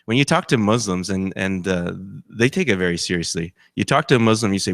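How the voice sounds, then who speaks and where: A man's voice: low-pitched, lively intonation, brisk, few pauses, fairly bright tone, no echo, studio quality. A man preaching as a campus chaplain, talking with the congregation and asking them questions. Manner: conversational, asks the congregation questions; acts out quoted voices. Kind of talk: sermon.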